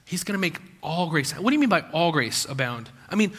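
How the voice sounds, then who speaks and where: A man's voice: high voice, big pitch swings, normal speed, few pauses, bright, forceful tone. A man preaching a sermon in a conversational way, full of rhetorical questions and acted-out quotes. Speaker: pastor. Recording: long hall reverb.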